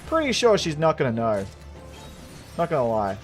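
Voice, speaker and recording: Giggly guy rambling thru a game, kinda high voice, faint game music. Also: wildly swooping pitch, normal speed. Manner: rambling, giggly, self-mocking. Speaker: gaming channel host. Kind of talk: casual let's-play commentary.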